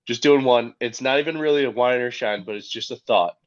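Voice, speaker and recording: A man's voice: medium pitch, fairly quick. Laid-back podcast co-host man, muffled. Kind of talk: casual podcast chat. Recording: dull lo-fi sound.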